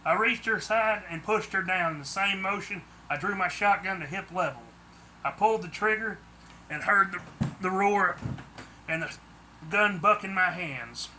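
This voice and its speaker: A man's voice: high-pitched, moderate pace, bright, forceful tone, a little hiss or hum. A man reading a first-person story aloud, plain delivery with some stumbles and restarts. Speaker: audiobook narrator.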